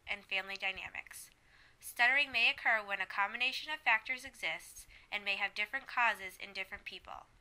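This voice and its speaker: Woman narrator, scripted explainer, clear measured reading, bright tone. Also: medium pitch, low-quality recording.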